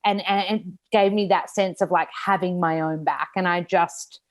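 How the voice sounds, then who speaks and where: An Australian woman in her thirties, an author and nutritionist, speaks candidly about her own setbacks in a casual interview. She's open and reflective, restarting often and saying "like" a lot. Her voice is on the low side, with fairly even intonation at a normal speed.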